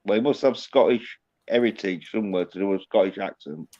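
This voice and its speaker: A British man in casual chat, stubborn and halting, often repeating his words. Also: fairly low pitch, mellow. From Britain. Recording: dull lo-fi sound.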